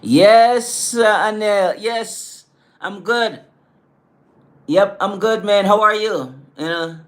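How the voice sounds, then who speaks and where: A man's voice: high-pitched, slow pace. A middle-aged man from the Caribbean islands with an island accent, hosting a casual livestream, laid-back and peppering his talk with "man" and "you know". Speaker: livestream host. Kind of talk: casual livestream chat with viewers.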